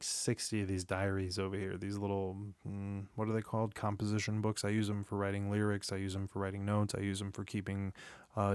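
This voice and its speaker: Man, 30s, podcast host, tired, rambling confessional monologue, frequent swearing, deep voice, dry close mic. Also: dry recording. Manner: rambling, confessional, swears often, many restarts. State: tired, yawning. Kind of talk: candid solo podcast monologue. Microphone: studio microphone.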